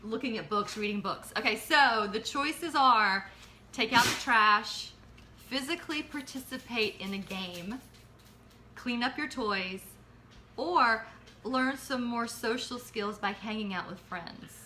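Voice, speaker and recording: Bright-voiced woman guiding a chat. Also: a little high, a little slow, a little hiss or hum. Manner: friendly, guiding, keeps the segment on track. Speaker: co-host, parent. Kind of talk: casual instructional chat.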